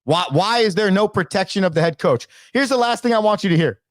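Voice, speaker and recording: High, animated, ranting male sports host. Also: fairly quick, dry recording, studio quality. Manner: emphatic, exasperated, ranting. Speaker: baseball coach and show host. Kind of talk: casual sports commentary rant.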